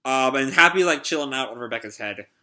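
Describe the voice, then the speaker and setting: A man's voice: medium pitch, lively intonation, fast talker, sharp tone. A man reading a manga chapter aloud and reacting live, chatty, with frequent fillers and laughs. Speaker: online video creator reacting to a manga.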